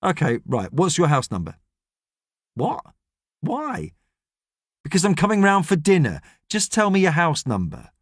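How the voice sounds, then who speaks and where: A man voicing a gruff, grumpy middle-aged astronaut, stern and lecturing in an audiobook. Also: a little high, wildly swooping pitch, a little slow, long pauses, no room sound, clean studio sound, voice pushed up, full character voice. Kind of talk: audiobook character reading.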